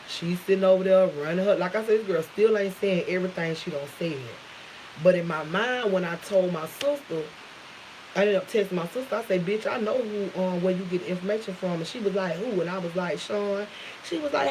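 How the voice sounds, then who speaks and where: With a voice on the low side, this woman vlogger animatedly recounts a dramatic tale in a casual way, cursing liberally and switching voices to act out quotes. Her speech is dialect-rich, and the low-quality recording has a little hiss or hum.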